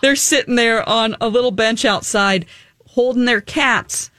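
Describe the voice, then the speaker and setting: A woman's voice: on the high side, unhurried, a bit bright, dry recording. A young adult woman co-hosting a casual morning radio chat, telling a story animatedly, acting out quotes and laughing often. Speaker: radio show co-host.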